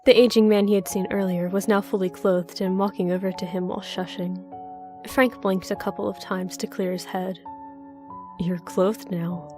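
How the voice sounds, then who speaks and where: A woman's voice: mid-range voice, little pitch movement, a little fast, over music. Woman narrating a horror story.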